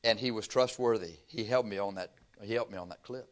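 An older Texan man preaches a sermon built on folksy, humorous stories, with laughter woven into his telling. His voice sits on the low side and moves a little fast.

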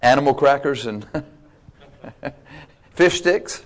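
A man's voice: mid-range voice, lively intonation, extremely slow. A man preaching a sermon, emphatic and dynamic, with playful asides to the congregation. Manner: emphatic, swings between loud and quiet, playful asides.

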